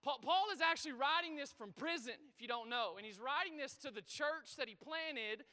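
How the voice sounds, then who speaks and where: A man preaching a sermon to his congregation, energetic and full of call-and-response, in a church auditorium. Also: extremely high pitch, fairly quick. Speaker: pastor. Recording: reverberant hall.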